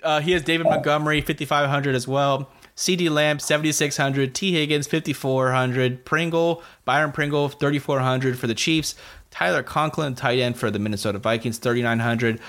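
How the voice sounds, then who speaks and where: A man's voice: mid-range voice, brisk. A man hosting a podcast, chatting casually about football picks with plenty of fillers and laughter. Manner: relaxed, laughs often, many fillers. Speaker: podcast host. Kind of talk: casual sports betting chat.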